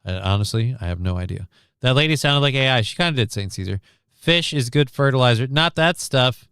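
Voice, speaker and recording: A man's voice: mid-range voice, animated, a little fast, a bit bright, clear, resonant tone, no echo, studio quality. A man streaming casual reaction commentary on a news clip, sarcastic and rambling, reading chat comments aloud.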